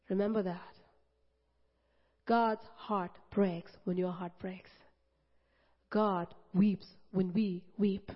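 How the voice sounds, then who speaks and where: A woman preaching a sermon, impassioned, building to loud, emphatic repetition. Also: mid-range voice. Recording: dull lo-fi audio with long hall reverb.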